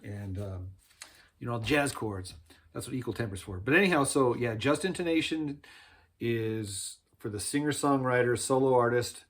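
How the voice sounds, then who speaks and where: Man, husky voice, medium pitch, casual rambling builder explaining his work. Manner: laid-back, rambling, uses slang like man and dude. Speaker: instrument builder teaching.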